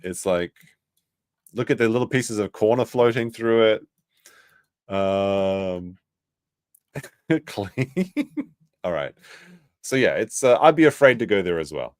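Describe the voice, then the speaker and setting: A man's voice: fairly low pitch, lively intonation, measured pace, pauses often, no echo, clean studio sound. A man streaming casual reaction commentary, reading news aloud and adding sarcastic, rambling asides.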